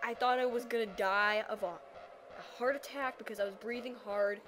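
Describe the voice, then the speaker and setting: A teenage girl telling a personal story in a casual vlog, animated and dramatic, acting out her own reactions. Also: a little high, moderate pace. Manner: animated, dramatic retelling with acted-out quotes.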